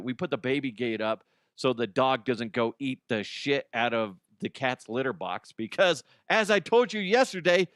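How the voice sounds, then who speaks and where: A man's voice: mid-range voice, a bit bright, dry recording, clean studio sound. A man hosting a comedic podcast, telling stories in a loose monologue, swearing often and laughing at his own jokes. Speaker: podcast host.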